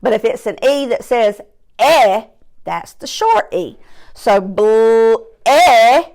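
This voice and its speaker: A woman teaching a phonics lesson to young children, stretching out sounds and words slowly and clearly while seated at her desk. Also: a little high, sing-song, a little mellow. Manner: slow, drawn-out sounds, emphatic. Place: classroom or home desk, seated in chair.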